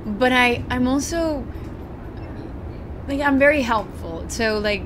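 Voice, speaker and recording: A woman chats slowly and unhurriedly in a casual on-set interview, often giggling and restarting her sentences. Faint background noise sits under her voice. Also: on the high side. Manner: giggly, hesitant with many restarts. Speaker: actress interviewed on a film set. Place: on a film set.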